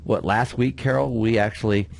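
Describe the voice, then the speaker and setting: A man, a county sheriff, telling a story in a folksy, animated way on a radio show in a studio. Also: fairly low pitch, normal speed, vocal fry.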